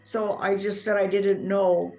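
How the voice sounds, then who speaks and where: A woman telling her personal life story in earnest, halting speech, often repeating words as she goes. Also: medium pitch, flat delivery, mellow, soft background music, rough recording. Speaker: near-death experience storyteller. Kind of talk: personal testimony.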